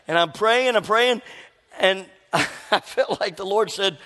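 High-voiced male pastor in a reverberant hall. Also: a little fast. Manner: animated storytelling, acts out quoted voices. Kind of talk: sermon.

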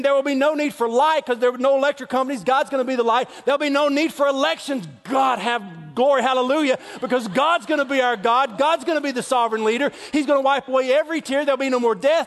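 A man preaching a sermon with emphatic delivery, often acting out quoted voices. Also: extremely high pitch. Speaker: pastor. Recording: long hall reverb.

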